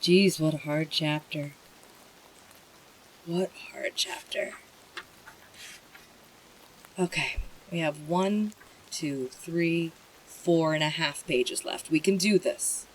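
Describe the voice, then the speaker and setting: A streamer reading a bedtime story aloud and chatting with viewers, in a gentle, emotional way. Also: medium pitch, slow pace, a little hiss or hum, rough recording.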